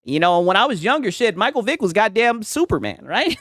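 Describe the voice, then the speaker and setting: Young male streamer, casual profane rant, animated delivery, dry mic. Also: high-pitched, fairly quick, dry recording. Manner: profane, heated, keeps tagging "right?".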